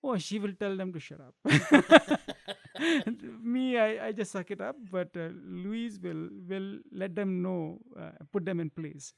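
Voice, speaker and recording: A man's voice: sits high, a little slow, creaky, dry recording. A middle-aged man, a chef and guest, chatting casually and chuckling, often restarting his phrases. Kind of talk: casual chat.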